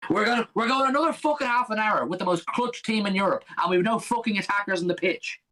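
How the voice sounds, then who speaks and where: A man's voice: high-pitched, fast talker, pushed and bright, low-quality recording. A young man co-hosting a live football watch-along, ranting furiously and swearing constantly at his team.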